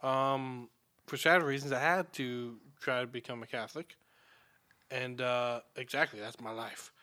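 A man's voice: medium pitch, fairly even intonation, unhurried, pushed and bright. A man from Alabama, a podcast host, rambling through a self-mocking story in casual chat.

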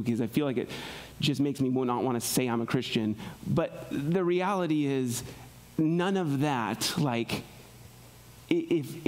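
This sermon from a male pastor has a conversational feel, punctuated by him often saying "right?" He alternates between raised, emphatic moments and soft, low asides.

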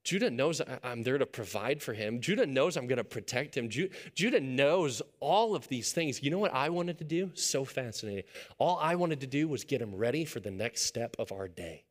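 A man in his thirties preaching a sermon as a pastor, telling a family story and swinging from hushed, intimate lines to loud, excited retelling. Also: mid-range voice, normal speed.

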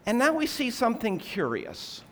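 A man preaching a sermon, explaining scripture in a measured, earnest way and asking rhetorical questions. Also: extremely high pitch, huge pitch swings.

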